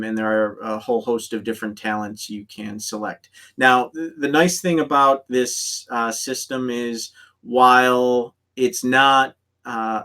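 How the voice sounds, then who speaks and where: A man acting as game master, explaining rules to players with many pauses and restarts. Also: medium pitch, fairly bright tone. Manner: halting, many ums and restarts. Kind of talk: explaining rules in an online tabletop session.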